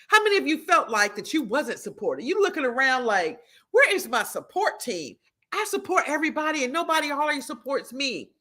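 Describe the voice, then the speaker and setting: A middle-aged woman hosting a live stream, teaching and greeting viewers by name in an animated, preacherly way. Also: fairly high pitch. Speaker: livestream host and prophetess.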